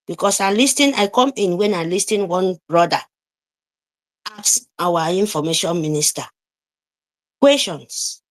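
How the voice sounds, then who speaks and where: A woman's voice: on the low side, unhurried, pauses often. A woman gives an impassioned political speech, scolding listeners with repeated pointed questions. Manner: heated, scolding, repetitive questions. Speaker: participant in an online audio room.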